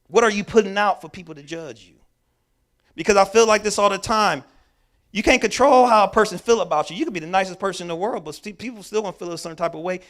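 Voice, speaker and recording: High-pitched and fast, this man is presenting a mental health workshop in a church. He's a lively storyteller who performs the quoted dialogue and stresses key words by repeating them.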